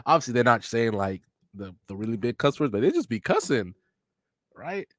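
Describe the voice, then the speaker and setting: A man's voice: mid-range voice, very animated, moderate pace, no echo, studio quality. A young man hosting a podcast, reading a manga aloud and reacting to it in casual, joking, profane commentary with bursts of laughter. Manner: joking and profane, with sudden loud laughing outbursts.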